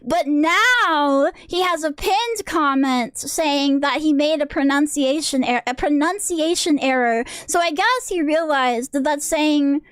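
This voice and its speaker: A woman's voice: high voice, takes it slowly, few pauses, fairly bright tone, no echo, studio quality. A woman streamer in a casual rant, rambling and restarting her sentences, sounding exasperated. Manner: rambling, self-interrupting, exasperated.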